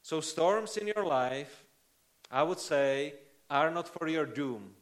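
A male preacher delivering a sermon in an earnest, conversational style. His voice sits a little high for a man. He often checks in with the listeners with quick tag questions. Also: expressive.

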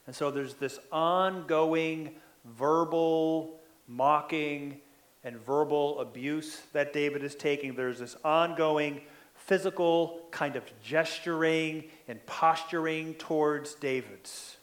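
A man's voice: on the high side, slow. A man preaching a sermon in an earnest way, often repeating words as he presses a point.

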